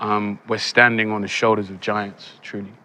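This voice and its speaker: Bright-voiced young man. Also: fairly low pitch, moderate pace. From England. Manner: animated, laughs often, acts out quoted lines. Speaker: actor guest. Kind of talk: casual interview storytelling.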